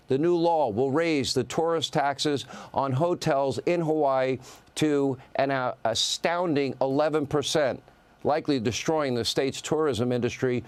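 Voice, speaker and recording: A man's voice: fairly high pitch, clear, resonant tone. A man hosting a news opinion segment, delivering a sarcastic monologue in punchy lists. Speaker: news host.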